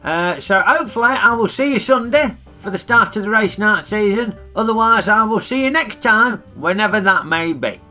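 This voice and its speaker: A middle-aged man with a broad Northern English accent grumbles bluntly through a film review and rants now and then. His voice is high, bright and very lively. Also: normal speed, few pauses, soft background music. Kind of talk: comic character vlog.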